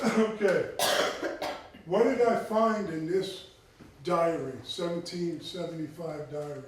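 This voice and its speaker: High-voiced man lecturing in an echoey room. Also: unhurried, a little hiss or hum. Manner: keeps checking in with listeners. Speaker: tribal chief giving a talk. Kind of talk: conversational lecture. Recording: echoey room, mic far off.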